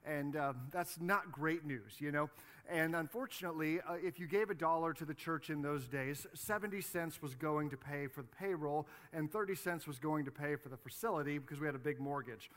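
A little high and a little fast, with a fairly bright tone, this man's voice belongs to a pastor in his forties. He's preaching in a church sanctuary, relating a story in a chatty way full of "you know" and "right."

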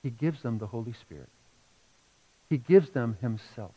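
A middle-aged man preaching a sermon as pastor, telling a personal story with feeling and moving between hushed and loud passages. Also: medium pitch, animated, moderate pace, breathy edge, poor audio.

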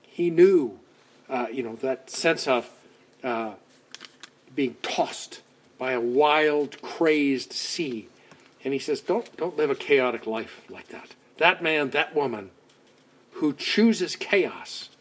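A man preaching a conversational sermon, acting out quoted voices and dropping to soft asides. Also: medium pitch, animated, takes it slowly, long pauses. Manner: conversational, dramatic swings between loud outbursts and soft asides.

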